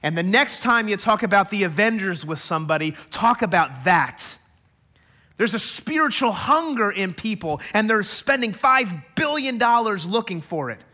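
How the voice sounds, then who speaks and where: A man preaching a sermon to a church congregation, emphatic and building to loud climaxes. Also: sits high, big pitch swings, moderate pace. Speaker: pastor. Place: church stage.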